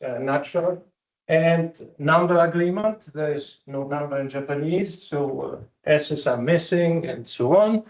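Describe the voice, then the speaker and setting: A man giving an academic conference talk, speaking as a with frequent fillers and pauses. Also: a little high, darkish tone. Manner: slow, halting, with many fillers. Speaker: conference presenter.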